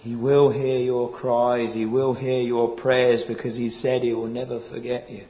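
A man preaching a sermon in a slow, earnest, pleading way, quoting old scripture. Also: medium pitch, level tone, dark tone, rough recording.

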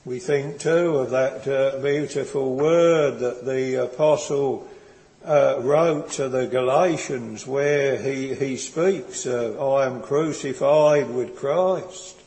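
A man preaches slowly and earnestly, his mellow, warm voice pausing and circling back over his words. His sermon rings with a long reverb, as in a large church hall. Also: mid-range voice. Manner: slow, earnest, tender preaching with hesitant restarts.

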